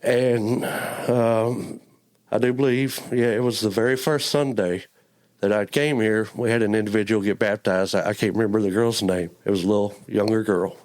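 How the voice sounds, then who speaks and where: A man giving an earnest personal faith testimony as a church guest. He talks haltingly, often repeating his words, and sounds close to tears. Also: on the low side, steady tone, darkish tone. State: emotional, near tears.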